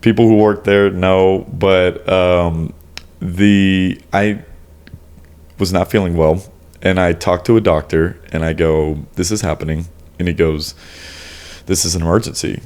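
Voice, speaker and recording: Low-voiced man in loose, profane chat. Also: fairly even intonation, measured pace, a little mellow, clear, resonant tone. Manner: loose and profane, heavy on "like" and "you know"; acts out both sides of exchanges in quoted voices. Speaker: ICU nurse. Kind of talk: casual podcast chat.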